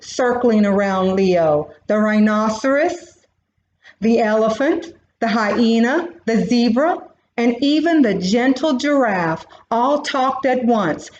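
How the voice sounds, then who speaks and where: A woman reading a children's storybook aloud in a slow, expressive way. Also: fairly high pitch, slight background noise. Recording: roomy, dull recording.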